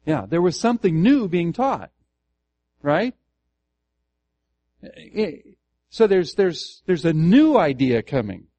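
A man's voice: fairly high pitch, big pitch swings, takes it slowly, pauses often, warm tone, dry recording. Earnest male Bible teacher, dry room. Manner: earnest, asks the room questions and restarts phrases. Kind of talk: Bible study teaching to a congregation. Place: church meeting room.

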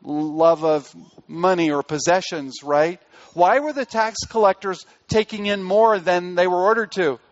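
A man preaching a sermon in an earnest way. He drops soft on key phrases and rises to press a point. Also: sits high, fairly even intonation, a little slow, few pauses, lo-fi sound. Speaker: pastor.

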